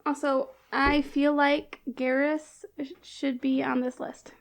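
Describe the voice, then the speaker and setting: Woman, high voice, playful and giggly, casual podcast chat. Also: flat delivery, slow. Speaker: podcast co-host.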